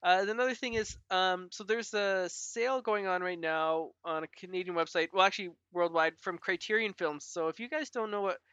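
Bright, chatty man on a dull podcast mic. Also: high voice, brisk, hardly any pauses, clean tone, no echo. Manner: chatty, heavy use of "like" fillers, laughs often. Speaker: podcast co-host. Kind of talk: casual chat.

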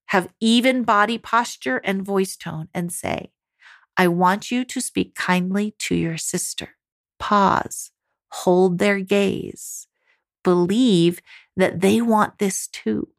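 A woman, a parenting coach for mothers, giving encouraging, motivational advice straight to her listeners. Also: medium pitch. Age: adult mother. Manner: encouraging, speaks directly to listeners as mamas. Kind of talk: motivational podcast coaching talk.

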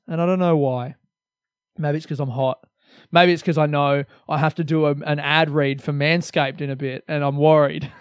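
Energetic Australian man, bit high. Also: smooth, no room sound. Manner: energetic, swearing, rambling, self-mocking. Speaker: comedian podcast host. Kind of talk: solo podcast monologue.

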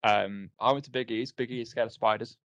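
A man's voice: medium pitch, steady tone, brisk, fairly bright tone, no echo, muffled recording. A man co-hosting a podcast in casual chat, recounting things hesitantly with many fillers. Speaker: podcast co-host.

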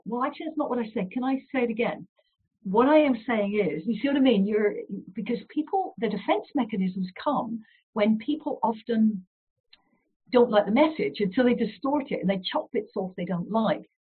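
A woman psychologist giving an interview, explaining ideas and acting out short dialogues in an animated way. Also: medium pitch, husky. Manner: animated, acts out little dialogues. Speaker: psychologist guest. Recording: phone-like remote call audio.

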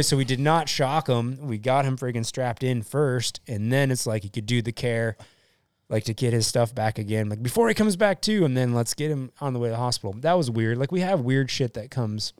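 A man's voice: mid-range voice, fairly quick, smooth, dry recording, studio quality. A young adult man, a firefighter and EMT, telling stories casually on a podcast, swearing freely and acting out what people said. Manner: profane, animated, acts out quotes.

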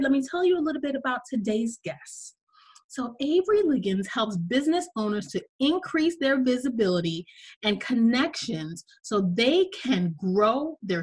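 A woman's voice: a little high, poor audio. A woman hosting an interview podcast, enthusiastic and effusive, with a slight cough. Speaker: podcast host.

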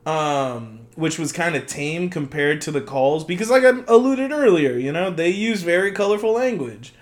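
A man's voice: fairly high pitch, very animated, moderate pace. Chatty, laughing male podcast co-host. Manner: chatty, laughs often, swears casually. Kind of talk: casual film discussion.

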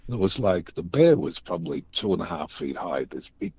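A man from Australia telling anecdotes casually as a guest, animated and acting out the voices of people in his stories. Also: deep voice, fairly quick, slightly rough, dull audio. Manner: animated storytelling, acts out voices. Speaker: guest storyteller.

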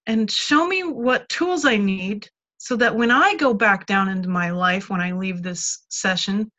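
A woman's voice: mid-range voice, a bit bright, lo-fi sound. A woman giving a candid, conversational teaching talk and personal testimony, with casual restarts and frequent "like.". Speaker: speaker teaching healing tools.

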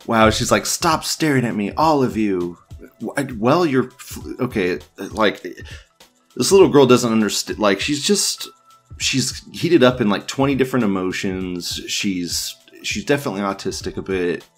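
A man's voice: on the low side, measured pace, faint music behind. A man hosting an online news show, casually reading forum posts aloud and riffing on them in a crude, rambling way, laughing often and restarting his sentences.

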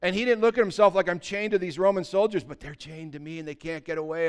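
A male pastor preaching with a smooth, resonant voice that sits a little high for a man. He drops into hushed asides, then builds to excited shouts. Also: brisk. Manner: animated, swings from quiet asides to excited shouting. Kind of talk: sermon. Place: church sanctuary with congregation.

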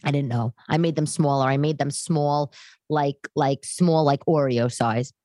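A woman's voice: low voice, steady tone, unhurried, dark tone, dry recording. A woman with a New York-area accent hosting a casual chat podcast from her living room, rambling into tangents and asides as she talks. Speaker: podcast host and stand-up comic.

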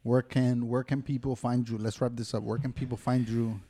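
A man's voice: medium pitch, little pitch movement, moderate pace, mellow. A man hosting a podcast, mostly giving brief, casual backchannel replies. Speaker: podcast host. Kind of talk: casual chat.

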